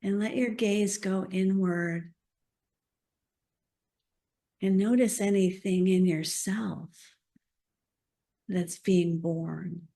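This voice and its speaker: A woman minister leading a slow, soft guided meditation during a church service. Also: on the low side, creaky. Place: church service also streamed on a video call.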